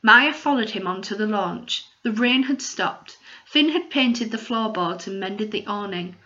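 Casting: female audiobook narrator, steady storytelling voice, mid pitch, slightly dull recording. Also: measured pace.

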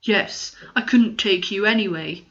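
A woman's voice: medium pitch, measured pace, fairly bright tone. A woman voicing a practical, somewhat gloomy boy who talks in a matter-of-fact way, in a slightly dull recording. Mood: firm.

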